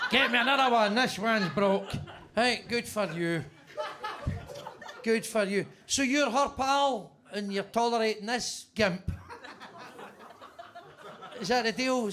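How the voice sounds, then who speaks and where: A man doing stand-up crowd work in a basement club, brash and foul-mouthed as he teases the people in front of him. His voice sits high for a man. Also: background noise. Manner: brash, swearing, teasing the audience. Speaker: stand-up comedian.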